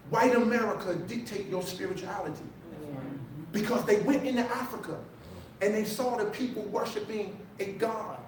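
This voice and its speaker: A man preaching a sermon to a congregation, impassioned and shouting, with the congregation answering back. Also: high-pitched, noisy background. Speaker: pastor. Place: large church hall. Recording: echoey hall, mic from a distance. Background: congregation responding.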